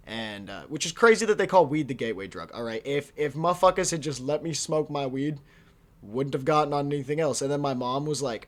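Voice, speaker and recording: A man's voice: mid-range voice, moderate pace, a bit bright. A young man in his early twenties telling a story from his teens in a casual, profane, laughing way, full of slang. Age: young adult. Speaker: vlogger.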